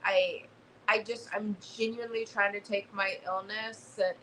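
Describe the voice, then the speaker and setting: A woman's voice: medium pitch, measured pace, slight background noise, poor audio. A young woman, telling a story as a guest in a casual chat. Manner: animated storyteller, swears casually.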